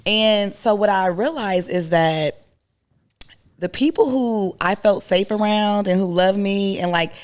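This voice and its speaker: A woman's voice: medium pitch, a little slow, clean tone. A woman counselor talking casually and colloquially, often quoting her friends. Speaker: licensed counselor, guest. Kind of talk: casual talk-show conversation.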